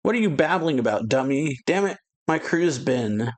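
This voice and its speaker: A man reading out the lines of a rough, impatient pirate captain who barks orders. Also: mid-range voice, expressive, normal speed, pitched above the performer's own voice, close to an everyday voice.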